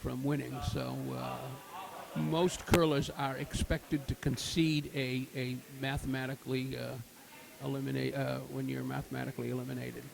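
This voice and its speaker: Over music and crowd noise in an ice rink, a man explains curling live with plenty of fillers and cheers the good shots. His mid-range voice has vocal fry and little pitch movement, and he keeps a moderate pace on a rough recording.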